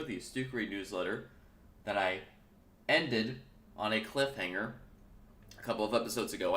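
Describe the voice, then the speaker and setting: A man's voice: on the low side, fairly bright tone, reverberant. A man hosting his own casual morning talk show, rambling and correcting himself, with his early-morning voice still in his throat. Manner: chatty, rambling, self-correcting. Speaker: podcast host.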